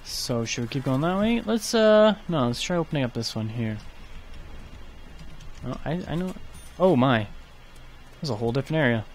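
A man's voice: mid-range voice, animated, normal speed, long pauses, slight background noise. Chatty man narrating his gameplay. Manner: chatty, thinking aloud. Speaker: gaming YouTuber. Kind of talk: let's play commentary.

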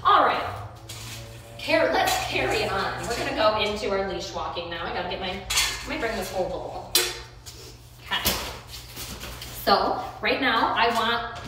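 A woman's voice: medium pitch, animated, measured pace, pauses often, heavy background noise. A young woman, a dog trainer, chatting through a training session in a loose, upbeat way with many fillers. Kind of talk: casual instructional narration. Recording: roomy, distant phone or camera mic.

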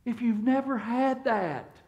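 High-voiced pastor preaching. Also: male voice, a little slow, a little mellow, dull audio. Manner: conversational, repeats words and restarts, asks the congregation questions. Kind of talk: sermon. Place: church sanctuary.

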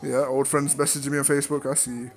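A man's voice: mid-range voice, level tone, fast. Laid-back swearing man hosting a chat. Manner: laid-back, swears freely, laughs often. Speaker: interview show host. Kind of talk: casual chat. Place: online virtual world session. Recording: faint music underneath.

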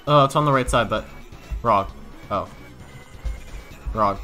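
A young man giving lively let's-play commentary on a game, laughing often. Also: fairly low pitch, takes it slowly, soft background music. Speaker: gaming video creator.

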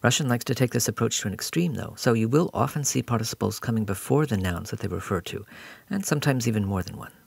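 A man's voice: mid-range voice, expressive, quick pace, vocal fry, slightly rough, dry recording. A man giving a patient, explanatory recorded grammar lesson as a language teacher.

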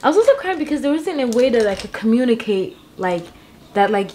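A woman's voice: fairly high pitch, big pitch swings, a little fast, a little mellow, slight background noise. A young woman chatting to camera as she gets ready, telling a long story with lots of fillers. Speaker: vlogger. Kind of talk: casual chat to camera while getting ready. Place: apartment.

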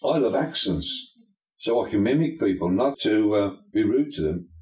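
A man's voice: on the low side, moderate pace. Older preacher man, emphatic and folksy. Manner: emphatic, folksy sayings and lively asides. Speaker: pastor and bishop, guest. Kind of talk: preacherly interview talk. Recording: echoey room.

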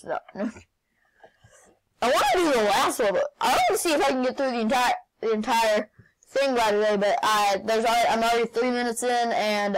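A woman playing a video game and commenting as she goes, excitable, often shouting and laughing. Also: on the high side, poor audio. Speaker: gaming channel host.

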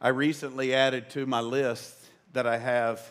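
A man in his fifties preaching a sermon as pastor. He is emphatic and conversational, makes joking asides, and his voice jumps up in sudden excited bursts. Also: medium pitch, unhurried, clean tone. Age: 50s.

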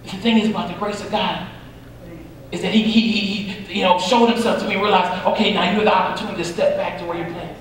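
A man's voice: high-pitched, fairly even intonation, quick pace. A man, a pastor, preaching an earnest storytelling sermon and repeating phrases for emphasis. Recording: echoey hall, mic far off.

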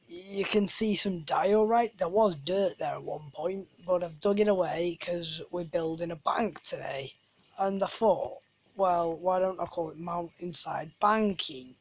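A gamer chats loosely over their own play, drifting off into silly tangents and teasing themselves. The voice sits at an ordinary middle pitch, neither high nor low. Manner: rambling, jokey, self-deprecating asides. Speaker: gamer, channel host. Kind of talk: casual gameplay commentary.

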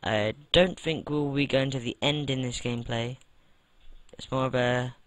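A man's voice: mid-range voice, steady tone, normal speed. A man from the UK giving casual, rambling commentary while playing a game, with mild swearing. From United Kingdom. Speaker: let's play gamer.

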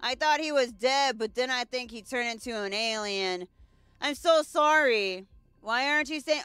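A young woman commenting on her gameplay, excitable, swearing and joking. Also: sits high, measured pace, smooth, soft background music. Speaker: gaming channel host. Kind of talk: let's play commentary.

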